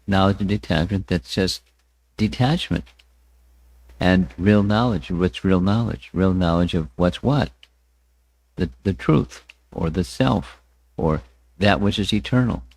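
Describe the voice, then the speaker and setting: A man teaching a scriptural class, speaking deliberately, often repeating words and chanting verses with his listeners. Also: on the low side, darkish tone, dry recording. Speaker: spiritual teacher. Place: temple hall.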